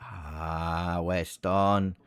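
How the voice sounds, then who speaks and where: A man hosting a live watch-along, reacting to a football match and swinging between low muttering and excited shouts. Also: drawn-out words, clear, resonant tone, no room sound, clean studio sound. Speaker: fan host.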